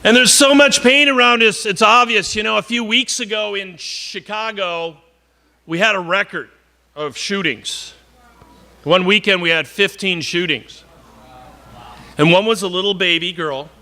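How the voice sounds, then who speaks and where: A man's voice: high-pitched, a little slow, pushed and bright. A man from northern Wisconsin preaching a sermon in an earnest, conversational way, often repeating words and slipping in joking asides.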